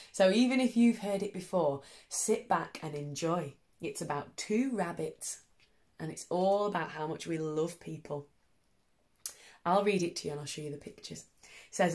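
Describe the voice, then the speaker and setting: A woman teacher reading a picture book to young children from her sofa at home, in a gentle, encouraging voice. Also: on the low side, normal speed.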